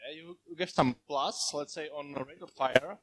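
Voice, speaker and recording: A man asking follow-up questions at a conference in halting non-native English. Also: a little high, background noise. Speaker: community contributor asking a question. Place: conference hall.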